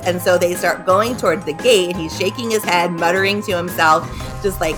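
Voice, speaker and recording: A woman's voice: on the low side, normal speed, over music. A woman hosting a podcast who recaps a horror story in a chatty, giggly way and acts out the characters. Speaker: podcast host. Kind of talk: casual recap of a horror book.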